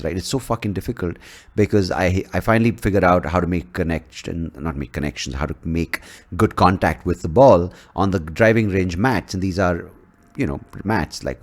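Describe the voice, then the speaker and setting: A man with a fairly low voice hosts his own podcast in a loose, unscripted monologue. He rambles and swears freely, trips over restarts, and jumps up in pitch to stress a point. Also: normal speed. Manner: rambling and profane, with frequent restarts. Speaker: podcast host. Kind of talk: casual solo podcast monologue.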